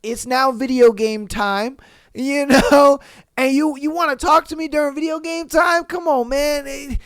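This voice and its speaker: Young male podcast host, blunt and profane, high and smooth voice, dry sound. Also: fairly even intonation, fairly bright tone, dry recording. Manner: blunt, profane, joking, fast talker. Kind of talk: casual chat.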